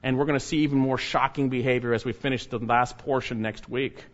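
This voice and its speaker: A man's voice: fairly even intonation, fairly quick. Emphatic preacher man, lo-fi sound. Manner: emphatic, swings between loud urging and low hushed warnings. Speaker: pastor. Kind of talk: sermon.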